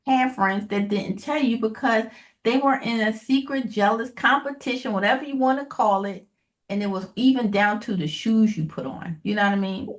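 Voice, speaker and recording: A woman's voice: fairly high pitch, normal speed. A woman on a casual podcast, talking hesitantly and searching for her words with many fillers. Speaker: podcast co-host. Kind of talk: casual chat.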